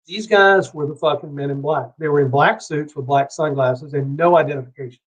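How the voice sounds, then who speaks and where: A man's voice: on the high side, brisk. A middle-aged man from Savannah, Georgia, telling a long, heated story as a podcast guest, swearing freely and rambling between asides. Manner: profane, heated, rambling anecdote. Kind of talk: casual storytelling. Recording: dull lo-fi podcast audio.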